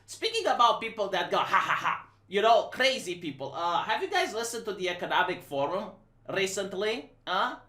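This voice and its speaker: This is a woman with a Romanian accent delivering casual commentary in a bright, forward voice. She is blunt and emphatic, and she often repeats herself and restarts her phrases. Her voice echoes in a roomy space. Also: mid-range voice, big pitch swings, normal speed. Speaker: live-stream commentator. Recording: roomy echo.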